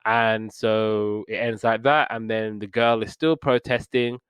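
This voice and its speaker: A man with a smooth, clear voice recaps old cartoons in a loose, rambling way, full of fillers and false starts. He sits at a middle pitch, and his sound is dry and close, with no room around it. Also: steady tone, measured pace, no room sound. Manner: rambling retelling with many fillers and restarts. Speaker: podcast host reviewing old cartoons. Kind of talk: casual review chat.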